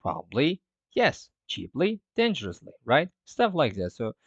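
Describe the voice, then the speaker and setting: A man's voice: mid-range voice, huge pitch swings, measured pace, fairly bright tone, husky, no echo. A man teaching an English lesson in a loose, casual way, full of fillers and self-corrections. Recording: dull, dry lo-fi sound.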